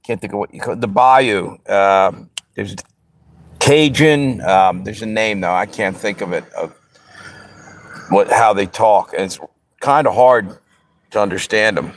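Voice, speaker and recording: A man's voice: fairly low pitch, a little slow, long pauses. Easygoing man chatting on a live stream. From Pennsylvania and Delaware area. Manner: easygoing, rambling, talks straight to the chat. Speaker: livestream host. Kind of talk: casual live-stream chat answering viewers.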